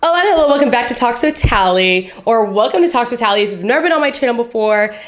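A woman's voice: a little high, fast talker, music in the background. A young woman hosting her own faith channel, talking casually and expressively, then leading a prayer. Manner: expressive, emotional, chatty. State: teary after crying. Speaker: faith vlogger. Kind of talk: casual devotional talk with prayer.

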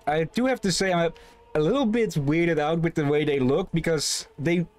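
A man's voice: a little high, normal speed, darkish tone, soft background music. A man streaming and casually commenting on a game, hesitant and restarting his sentences. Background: game audio.

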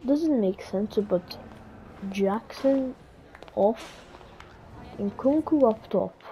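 A gaming channel host with a fairly high, warm, expressive voice speaks very slowly. She commentates play-by-play on her own football video game match, criticizing herself and muttering between calls, on a dull lo-fi recording with faint hiss.

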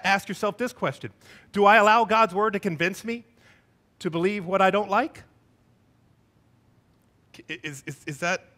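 A middle-aged man preaching a sermon as a church pastor, animated, acting out quoted voices with wide swings in pitch. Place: church sanctuary.

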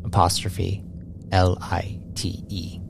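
A man narrating a tabletop game as game master, halting with many restarts. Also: low-pitched, level tone, gravelly, noisy background.

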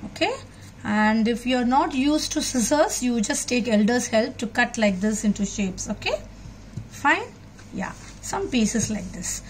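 With faint noise in the background, a woman teaches young children a craft, speaking slowly, patiently and expressively in a fairly high voice. As she works, she keeps asking her young audience questions.

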